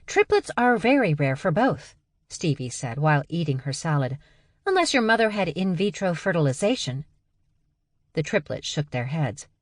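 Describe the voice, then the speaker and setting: A woman's voice: deep voice, big pitch swings, moderate pace, no echo, studio quality. A woman voicing a nerdy young woman who explains facts in a precise, lecturing way.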